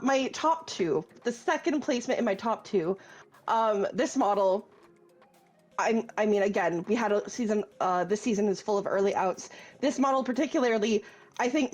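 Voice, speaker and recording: A woman judge chatting casually, giggly and dramatic, and quick to make fun of herself. Her voice sits high. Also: faint music behind. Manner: giggly, dramatic, self-mocking. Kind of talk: casual chat on a video call.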